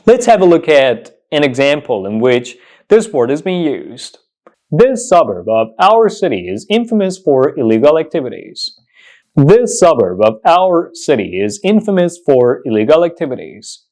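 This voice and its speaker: Male pronunciation tutor, slightly high voice, lively and emphatic, drills words by repetition. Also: measured pace. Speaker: English pronunciation teacher. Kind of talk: online pronunciation lesson.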